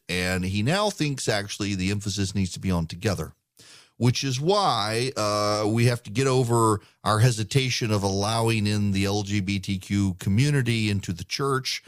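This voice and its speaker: Low-voiced male talk radio host. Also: moderate pace, dry recording, clean studio sound. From United Arab Emirates. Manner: emphatic, repeats words when starting sentences. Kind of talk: political talk radio commentary.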